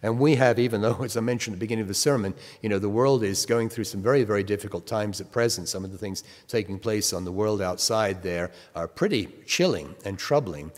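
A man's voice: fairly low pitch, quick pace, few pauses, darkish tone. A man preaching a sermon, reading scripture aloud and stressing key words as he explains them. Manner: emphatic, reads scripture with rising stress. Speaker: pastor. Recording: long reverb of a hall.

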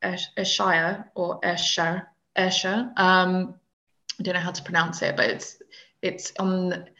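A woman's voice: lowish voice, level tone, unhurried, sharp tone. A young British woman chatting casually on a podcast, hesitating with many fillers. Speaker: podcast co-host. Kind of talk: casual chat. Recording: dull lo-fi sound.

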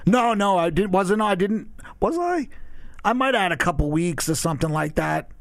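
A man from Long Island, a podcast guest telling crude stories in a blunt, deadpan, unfiltered way. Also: high-pitched, moderate pace, creaky, no room sound. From Long Island, New York. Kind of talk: casual crude storytelling.

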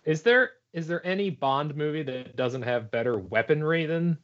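A man's voice: fairly high pitch, animated, moderate pace, a bit bright, lo-fi sound. A man co-hosting a casual movie podcast, jumping in eagerly. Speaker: podcast co-host.

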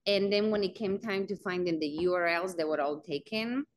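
A woman telling a story in a relaxed interview, animated and expressive. She acts out the other voices as she goes. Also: mid-range voice, a little fast. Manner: animated, acts out quoted dialogue. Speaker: guest, real estate company founder.

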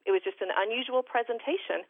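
A woman calling in to a talk show, telling a family story in an animated, breathless way. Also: a little high, fast, no room sound. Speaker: guest caller. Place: home in north Texas. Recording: tinny phone line.

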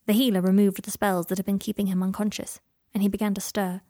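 A woman reading a story aloud in a soft-spoken way that often drops into whispers. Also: medium pitch, little pitch movement, quick pace, no room sound, clean studio sound. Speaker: reader. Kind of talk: reading fan fiction aloud.

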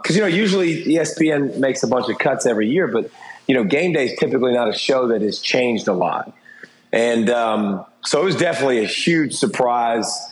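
Brief: middle-aged male interview guest, candid and rambling, mid pitch, echoey room. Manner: candid, rambling, frequent restarts and fillers. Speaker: interview guest, former TV football analyst. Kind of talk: casual interview talk. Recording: roomy echo.

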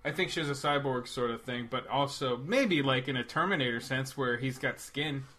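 A young man co-hosting a loose movie chat. His voice sits bright and forward. He rambles and jokes, trailing off and picking the thread back up. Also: mid-range voice. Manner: animated, rambling, quick to joke. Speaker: podcast co-host. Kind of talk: casual movie review chat.

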